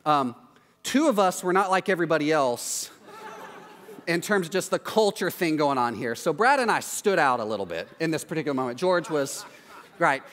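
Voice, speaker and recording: A male pastor telling a story in a sermon, animated and acting out voices in the quotes. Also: high-pitched, in a large hall. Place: church hall.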